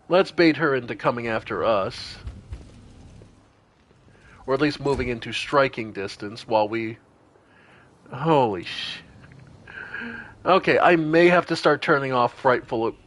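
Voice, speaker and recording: A man's voice: medium pitch, a little slow, pauses often, fairly bright tone, slight background noise. A man streaming a role-playing game, thinking aloud with casual commentary and some swearing.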